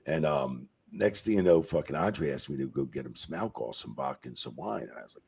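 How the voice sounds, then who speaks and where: A man's voice: very deep voice, expressive, fairly quick, vocal fry, breathy edge. A man, a retired wrestling referee telling stories in a casual interview, rambling and profane, full of "you know" and "man.".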